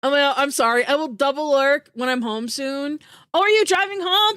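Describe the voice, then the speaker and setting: High-voiced, bubbly woman streamer. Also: fairly quick, a bit bright, dry recording, studio quality. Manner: bubbly and giggly, heavy on "like" fillers; emotional, voice rising into teary squeals. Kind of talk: casual live-stream chat with viewers.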